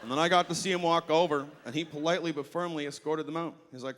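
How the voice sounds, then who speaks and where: A male stand-up comedian telling an animated story on a festival stage through a handheld mic. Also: on the high side, fast talker. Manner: animated, acts out voices. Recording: long reverb of a hall.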